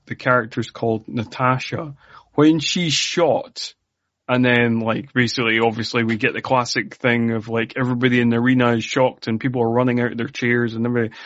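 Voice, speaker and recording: A Scottish man in casual podcast chat about an action film. He talks in an animated, incredulous way, with his pitch leaping up whenever something strikes him as absurd. The sound is dry and a little dull, as from a modest home mic. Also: dry recording. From Scotland. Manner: animated, incredulous, jumps up in pitch when making a point. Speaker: podcast co-host.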